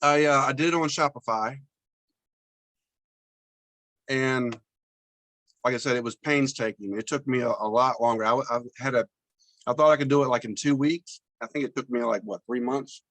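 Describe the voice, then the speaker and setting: A man's voice: medium pitch, moderate pace, long pauses, a bit bright, dry recording. Man, video call audio, dry close sound, modest, plainspoken. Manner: modest, plainspoken, laughs easily. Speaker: caller, business owner. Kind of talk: casual Zoom group chat. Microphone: video call, audio only.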